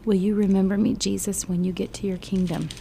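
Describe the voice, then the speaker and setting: Woman doing a repentant criminal, pleading softly, dark mellow tone. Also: mid-range voice, little pitch movement, brisk, gravelly, slight background noise, lightly acted.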